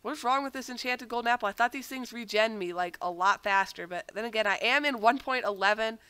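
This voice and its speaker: A woman's voice: a little high, fairly quick, pushed and bright, clear, resonant tone, dry recording. A young woman with a cold, rambling through casual gameplay commentary with self-mocking asides that keep sidetracking her. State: has a cold. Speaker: gaming channel host.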